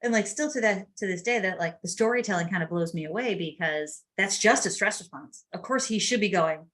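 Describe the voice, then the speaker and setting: A woman's voice: medium pitch, a little fast, a bit bright. A middle-aged woman hosting a podcast, telling family stories in a chatty, casual way with laughs. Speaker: podcast host. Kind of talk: casual chat.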